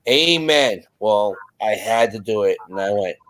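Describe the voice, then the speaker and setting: A man on a video call chatting casually, telling animated stories and acting out what people said. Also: lowish voice, moderate pace. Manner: animated storyteller, acts out quotes. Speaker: panel guest. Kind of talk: casual chat.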